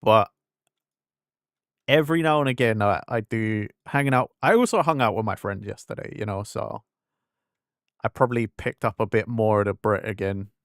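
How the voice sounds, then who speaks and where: A man's voice: fairly low pitch, normal speed, dry recording, clean studio sound. Chatty English man streaming a game. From England. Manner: chatty and rambling, acts out quoted conversations. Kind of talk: casual live-stream chat.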